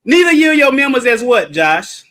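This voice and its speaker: A man leading a livestreamed Bible study in a playful, animated way, breaking into sudden shouts for emphasis and calling on listeners. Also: very high voice, normal speed.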